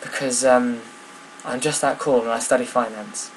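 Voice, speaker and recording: A man's voice: mid-range voice, fairly even intonation, moderate pace, a little hiss or hum, poor audio. A young man chatting casually to camera, rambling and self-mocking with many ums. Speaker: vlogger. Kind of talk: casual vlog chat.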